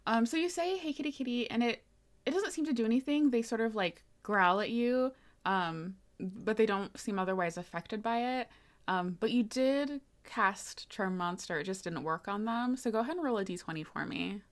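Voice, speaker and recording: A woman's voice: a little high, normal speed. A woman narrating as game master, easygoing, with frequent fillers and laughs.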